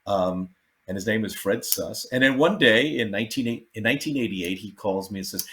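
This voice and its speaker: A man, a comedian guest, telling backstage stories in a casual, animated way and acting out the people he quotes. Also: lowish voice, normal speed. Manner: animated, acts out quotes, laughs often. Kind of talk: casual storytelling.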